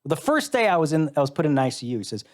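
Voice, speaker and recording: A man's voice: fairly high pitch, sing-song, very fast. A middle-aged man from the United States, a musician guest telling a personal story in a live interview, candid and wry, acting out the voices he quotes.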